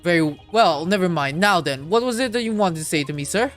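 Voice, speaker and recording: Brief: woman doing a snooty, theatrical gentleman sleuth, formal and self-assured. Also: lowish voice, animated, a little fast, soft background music, natural voice. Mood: lofty. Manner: lofty, mannered formality. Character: pompous, eccentric gentleman detective. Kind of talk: reading a visual novel aloud.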